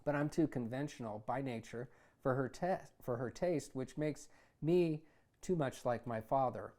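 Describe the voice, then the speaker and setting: A man who hosts a show, reading his own memoir aloud in a conversational, wry way that gets animated in heated passages. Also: medium pitch, a little slow. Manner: conversational, wry, animated when retelling anger. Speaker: author and host.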